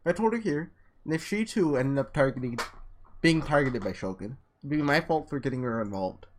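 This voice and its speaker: A man with a slightly hoarse, under-the-weather voice reads a visual novel aloud with casual asides, sometimes tripping over and restarting words. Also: mid-range voice, animated, brisk, slight background noise. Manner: casual, trips and restarts words while reading. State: voice a little sick, slightly hoarse. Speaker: let's player.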